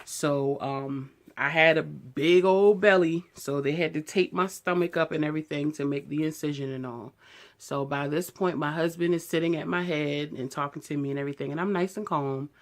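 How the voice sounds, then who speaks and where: Woman, early thirties, low voice, candid vlog storytelling, animated. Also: normal speed. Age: 30s. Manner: candid, animated retelling, heated when quoting herself. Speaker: beauty vlogger. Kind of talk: casual storytelling to camera.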